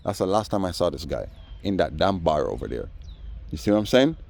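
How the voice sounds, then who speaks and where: A man telling a story in a casual monologue, animated and acting out the voices of others. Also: low-pitched, fairly quick, vocal fry. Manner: animated, acts out voices in quoted dialogue. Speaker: vlogger.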